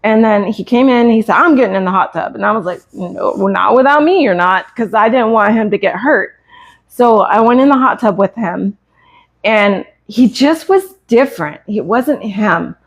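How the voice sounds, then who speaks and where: A woman in her fifties from the United States, a cat breeder on a live stream, telling a hard personal story in a halting, earnest, emotional way. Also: on the high side, animated. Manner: halting and earnest, with many hesitations. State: emotional, close to tears.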